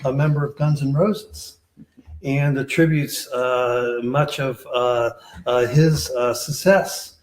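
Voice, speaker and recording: A man's voice: mid-range voice, fairly even intonation, slow. A man answering questions on a panel as a researcher, talking hesitantly with many filler sounds. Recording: echoey room.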